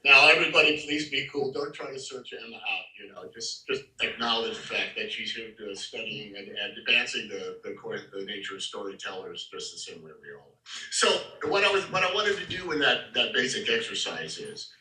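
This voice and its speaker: Male acting teacher lecturing a class, throat-clearing, picked up from across an echoing room. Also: lowish voice, fairly quick, bright, forceful tone. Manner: talks directly to the class. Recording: roomy hall, far from the mic.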